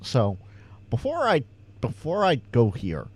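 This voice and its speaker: A man's voice: mid-range voice, huge pitch swings, unhurried, a little mellow, breathy edge, dry recording. A Californian man with a slight Southern twang, hosting a casual livestream Q&A and chatting to viewers, often stammering and repeating words. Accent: slight Southern American twang. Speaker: ham radio livestream host.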